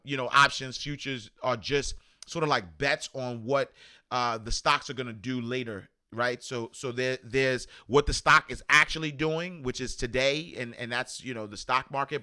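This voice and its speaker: A man hosting a casual news commentary show, rambling with many fillers and getting animated when indignant. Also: mid-range voice, clean tone. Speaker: host.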